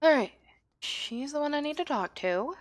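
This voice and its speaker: A woman streaming a game, thinking aloud and often trailing off quietly. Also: high-pitched, expressive, normal speed. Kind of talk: casual gameplay commentary.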